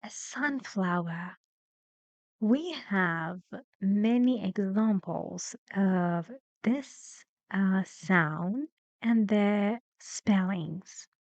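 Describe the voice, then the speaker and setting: A woman leads a lesson at a very slow, deliberate pace. She explains step by step and models example sentences patiently. Her voice sits at a middle pitch and is recorded dry and close. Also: no echo, dull audio. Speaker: English teacher. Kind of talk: slow, careful lesson narration.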